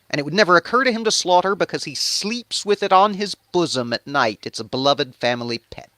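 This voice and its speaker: A man's voice: high voice, pushed and bright, no echo, voice pushed up, exaggerated voice. A man voicing a blunt, impatient male prophet who talks in casual slang.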